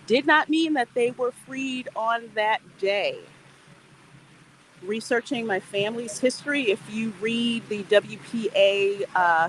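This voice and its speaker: A woman hosting a casual, educational walking livestream, chatty and animated as she greets viewers. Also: fairly high pitch, slight background noise, low-quality recording. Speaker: livestream host.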